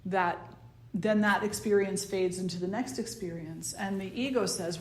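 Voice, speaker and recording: Soft-spoken woman teacher with a Jersey accent. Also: on the low side, moderate pace. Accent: New Jersey. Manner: conversational, soft-spoken, plays the ego in quoted asides. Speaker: spiritual teacher. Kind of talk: dharma talk to a circle. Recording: roomy echo.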